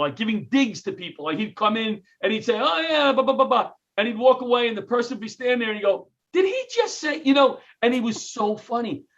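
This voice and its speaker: Middle-aged new york guy, comic storyteller, highish voice, kinda muffled lo-fi audio. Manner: animated, jokey storyteller who acts out quotes. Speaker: comedian and retired firefighter, guest. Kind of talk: storytelling interview.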